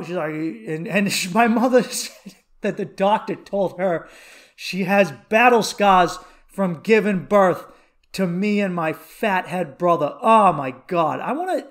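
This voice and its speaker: A man in his thirties hosting a comedy podcast alone, rambling through profane, animated stories and rants. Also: high-pitched. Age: 30s. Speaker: podcast host. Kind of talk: comedic solo podcast rant.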